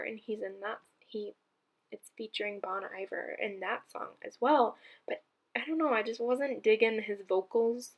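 A young woman hosting her own podcast, chatting casually and gushing, with lots of fillers and restarts. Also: mid-range voice. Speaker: podcast host. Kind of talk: casual solo podcast chat.

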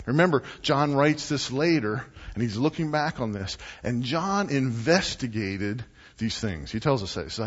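A man preaching a sermon, animated and deliberate, swinging between loud and hushed delivery. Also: medium pitch, breathy edge. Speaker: pastor. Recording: muffled, echoey church hall.

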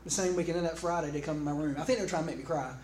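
A male pastor delivers a sermon in a loose, chatty manner, stumbling through restarts and calling out to the congregation for a reply. His voice sits slightly high for a man. The sound carries through a roomy, echoing church hall with faint background noise. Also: racing. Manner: animated, conversational, with many restarts; calls out to the congregation.

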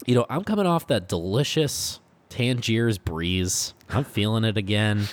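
A low-pitched man chatting casually as a co-host, his voice rising and falling a lot. He talks with eager, joking enthusiasm and plenty of fillers. The sound is dry and close to the mic. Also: animated, a little slow, no echo. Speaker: podcast co-host. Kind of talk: casual chat.

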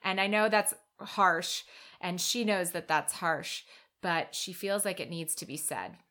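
A woman's voice: lowish voice, measured pace, pushed and bright. A woman co-hosting a casual book discussion podcast, recapping the plot and weighing in thoughtfully, sometimes hesitating. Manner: thoughtful, hesitant, with restarts when giving opinions. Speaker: podcast co-host.

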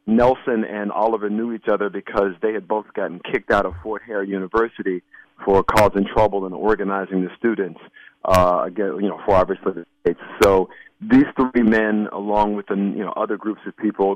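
A male actor from Alabama, a guest in a radio studio, chatting casually and telling animated stories. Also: lowish voice, no echo, lo-fi sound. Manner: animated storyteller, slips into quoted voices. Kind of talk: casual interview chat.

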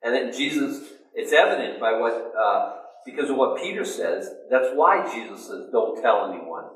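A man preaching a sermon at a middle pitch, telling the story in a lively way and acting out its people with sudden jumps up in pitch. He is picked up from some distance, and his voice rings around a roomy, echoing hall. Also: normal speed. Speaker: pastor. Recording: echoey room, distant mic.

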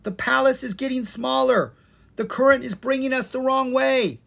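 A storybook narrator voicing a curious, excitable young boy who talks eagerly and exclaims. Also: mid-range voice, moderate pace, breathy edge. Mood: alarmed. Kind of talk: storybook reading.

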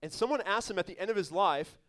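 High-voiced man preaching with emphatic energy. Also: animated, fast, fairly bright tone. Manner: emphatic, conversational preaching with laughs and asides. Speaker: pastor. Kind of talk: sermon.

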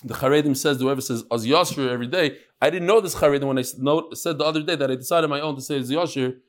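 A middle-aged man teaching a daily Talmud class with lively storytelling and quick asides. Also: mid-range voice. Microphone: on Zoom.

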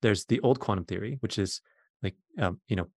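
A man's voice: lowish voice, a little fast, a little mellow, no room sound, studio quality. A middle-aged man, a physicist guest, patiently explaining science in plain words during a conversation.

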